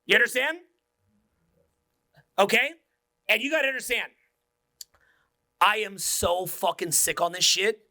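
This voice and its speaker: High-pitched forceful seminar coach in his forties, profane, swings whisper to shout. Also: lively intonation, a little slow, pauses often, dry recording, studio quality. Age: 40s. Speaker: dating coach. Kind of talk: motivational seminar talk.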